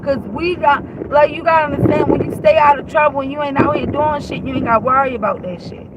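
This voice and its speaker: A woman's voice: high-pitched, fast talker, lo-fi sound, heavy background noise. A woman chatting casually to her viewers, blunt, emphatic and full of profanity. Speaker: vlogger.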